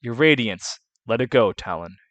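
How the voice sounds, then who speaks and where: Man reads a kindly knight mentor; measured and earnest, dry close mic. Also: mid-range voice, lively intonation, a bit bright, no room sound, lightly acted. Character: calm, kindly noble male knight mentor.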